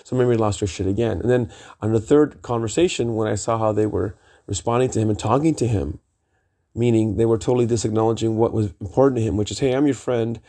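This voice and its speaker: A middle-aged man with a gravelly, dark voice tells a rambling personal story on his vlog. He talks emphatically, wanders off on tangents, and swears freely. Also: lowish voice, steady tone, fast talker. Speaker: vlogger.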